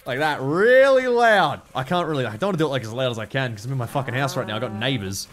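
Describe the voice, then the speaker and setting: A man from Australia with an Australian accent, giving casual gameplay commentary at home, excitable and sweary with rambling asides. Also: medium pitch, rapid-fire, noisy background. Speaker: gaming video host.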